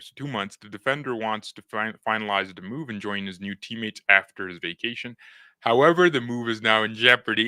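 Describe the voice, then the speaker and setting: A man's voice: on the low side, a little fast, bright, forceful tone, clear, resonant tone, no echo. A young man hosting a fan live stream, joking in slang, talking to his chat and reading news aloud. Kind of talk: casual live-stream commentary.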